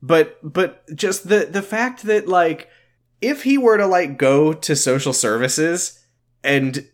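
A podcast co-host summarizing an episode in relaxed conversation. The voice sits at a middle pitch, and the characters' lines get quick acted quotes as the story goes. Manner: narrates plot, acting out characters' lines. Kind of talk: casual recap chat.

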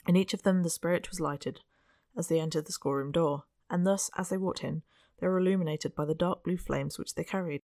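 Dry, measured audiobook narrator. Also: medium pitch, fairly even intonation, a little mellow, no echo. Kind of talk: scripted narration of a Victorian novel.

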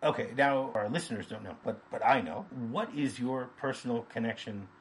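A man's voice: medium pitch, slight background noise. A man hosting a podcast, chatting casually through a film scene and playfully acting out the characters' lines. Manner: playful, quick to act out lines in put-on voices and laugh. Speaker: podcast host.

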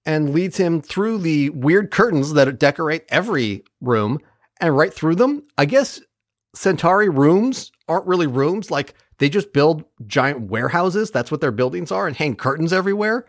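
Animated, profane podcast host. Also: medium pitch, normal speed, no room sound, clean studio sound. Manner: profane, animated retelling of plot. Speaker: podcast host recapping an episode. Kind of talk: casual chat.

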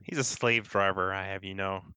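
Man, tabletop player, relaxed joking, lowish voice, dry close sound. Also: brisk, clean tone, dry recording. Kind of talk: tabletop role-play chat.

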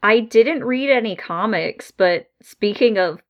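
A woman's voice: medium pitch, lively intonation, slow pace, lo-fi sound. Casting: woman co-host, playful and jokey, casual podcast banter. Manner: joking, laughs at her own jokes. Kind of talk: casual chat.

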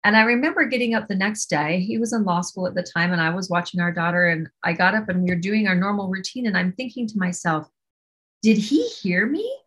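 A woman's voice: on the low side, fast, few pauses, fairly bright tone. A woman guest on a podcast, candidly recounting a personal story and acting out what she and others said. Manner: earnest, candid, quotes herself and others.

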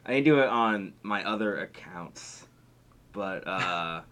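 Young man, podcast host, low voice, rambling casual chat, trails off softly. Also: expressive, takes it slowly. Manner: rambling, laughs often, trails off quietly.

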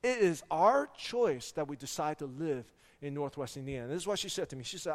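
40ish pastor guy preaching, high voice, lots of asking the crowd stuff, long echo in the church. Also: fairly quick, hardly any pauses. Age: 40s. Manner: animated preaching, rhetorical questions. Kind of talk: sermon. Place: church sanctuary.

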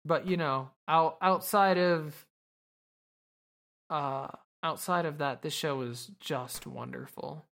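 A woman's voice: sits low, takes it slowly, vocal fry. A woman podcast host casually recapping an anime episode, rambling and swearing with lots of fillers.

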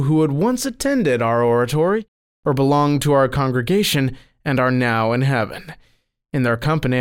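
A man reading a first-person account of a saint's dream as scripted narration, telling it expressively. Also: clear, resonant tone. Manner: expressive storytelling, lifting pitch on quoted cries.

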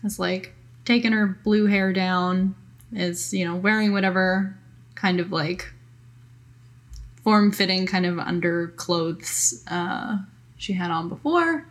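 A woman's voice: fairly low pitch, slow. A woman playing in a tabletop game, describing her character in a loose, rambling way with frequent laughs. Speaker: player. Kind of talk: tabletop role-play chat.

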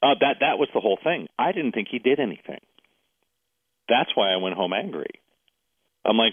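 A man's voice: mid-range voice, normal speed, pauses often, slightly rough, dry recording. A man casually telling a personal story as a guest, acting out what others said to him. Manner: animated storyteller, quotes others in dialogue. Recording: tinny phone-like line.

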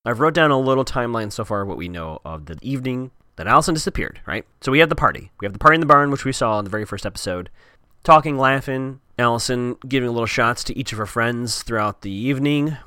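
A man's voice: mid-range voice, lively intonation, fast talker, pushed and bright, clear, resonant tone, no room sound, studio quality. A man giving a chatty, wry recap of a TV episode with sarcastic asides.

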